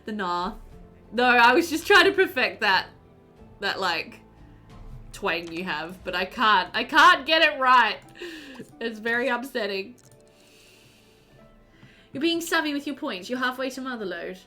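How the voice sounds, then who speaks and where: A giggly woman streamer chats away with her viewers, her voice bright and bouncing all over the place. Her voice sits a touch high. Soft game music plays underneath. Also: sing-song, a little slow, pauses often. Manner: giggly, chatty, answering chat. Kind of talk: casual live-stream chat while playing.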